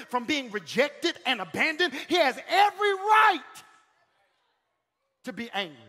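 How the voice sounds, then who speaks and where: A male pastor preaching a sermon in a church, calling out to the congregation, swinging from shouted peaks to sudden quiet lines. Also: extremely high pitch. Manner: calls out to the congregation. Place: church sanctuary. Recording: long hall reverb.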